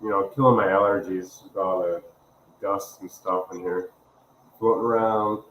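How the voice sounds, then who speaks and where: Low-voiced laid-back man on a stream. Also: fairly even intonation, normal speed, a bit bright. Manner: laid-back, rambling, trailing off. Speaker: livestream guest. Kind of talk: casual live chat. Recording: echoey room, faint background noise.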